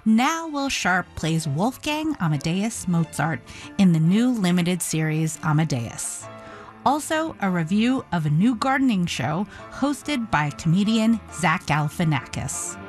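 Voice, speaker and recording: Woman hosting a radio show intro, animated pitch, faint music bed underneath. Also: unhurried. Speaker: guest radio host.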